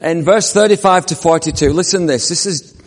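A man with a fairly high-pitched voice preaches a sermon a little fast, recorded with the long reverb of a church hall. He tells the story vividly and questions the congregation.

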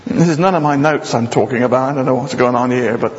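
A man preaching a sermon with jokey asides, swinging between loud, high passages and low, quiet ones. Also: quick pace, noisy background. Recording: dull sound with long hall reverb.

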